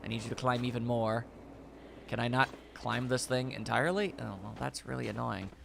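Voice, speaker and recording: A man's voice: mid-range voice, brisk, vocal fry, background noise. A young man giving playful, chatty let's-play commentary and talking to the game. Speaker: video game streamer.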